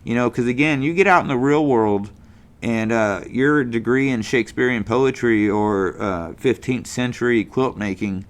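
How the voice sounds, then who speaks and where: A man's voice: medium pitch, moderate pace. A middle-aged man from California hosting a casual monologue show, rambling in a folksy way with lots of fillers and restarts. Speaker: podcast host.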